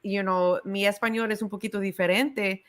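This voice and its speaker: A woman's voice: mid-range voice, steady tone, fairly quick. A woman from the Chicago area hosting a casual interview, affirming her guest and reading out chat messages. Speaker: host.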